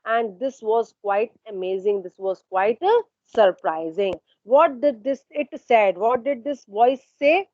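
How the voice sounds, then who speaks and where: A woman's voice: a little high, unhurried, a little mellow, dry recording, lo-fi sound. A woman teacher explaining a story line by line in an online class, asking questions and answering them herself. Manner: asks questions then answers them, paraphrasing and repeating. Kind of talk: online literature lesson.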